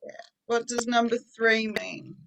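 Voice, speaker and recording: Slow, bright-voiced woman teacher. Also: on the high side, fairly even intonation, gravelly, a little hiss or hum, rough recording. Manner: patient, explains slowly with simple examples. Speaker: English teacher. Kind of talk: online English class for adult learners.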